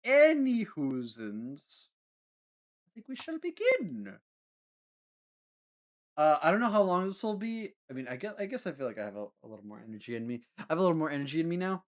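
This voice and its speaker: A man's voice: a little high, lively intonation, racing, few pauses. A man chatting casually with his live-stream audience, rambling with lots of fillers and frequent laughter. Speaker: livestreamer.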